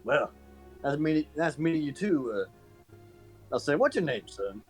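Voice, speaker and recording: A man's voice: fairly high pitch, big pitch swings, unhurried, soft background music. A man voicing a folksy, hat-tipping frontier stranger in a tabletop game, calling others son.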